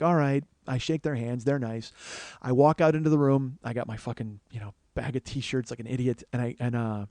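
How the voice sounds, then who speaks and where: A man's voice: mid-range voice, no room sound. A comedian in his forties telling a personal story on a podcast, swearing often and acting out other people's lines. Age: 40s. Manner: animated storyteller, swears often, acts out the crowd in a raised voice.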